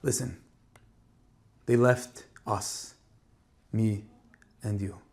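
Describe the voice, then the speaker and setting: A man voicing an elderly, grieving rebbe who speaks softly and from the heart, choked with emotion. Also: a little high, moderate pace, lightly acted. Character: elderly grieving male rebbe, gentle and tender.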